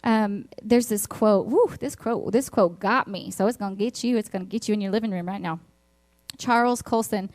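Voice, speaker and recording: A woman's voice: mid-range voice, moderate pace, darkish tone, no room sound. A woman giving a sermon to an online congregation, telling personal stories earnestly and repeating words for emphasis, with a Texas accent. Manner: earnest storytelling with emphatic repetition. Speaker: church speaker.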